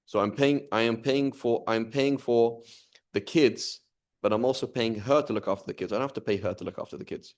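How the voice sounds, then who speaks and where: A man's voice: mid-range voice, fairly quick. A man teaching an informal class, talking conversationally and often checking in with the students. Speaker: Islamic studies teacher.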